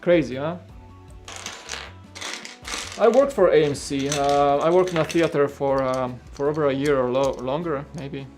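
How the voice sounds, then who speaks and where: A man's voice: on the high side, a little slow, long pauses, darkish tone, faint music behind. A man hosting a casual live stream while building, rambling and thinking aloud to his chat into a studio mic at his home setup.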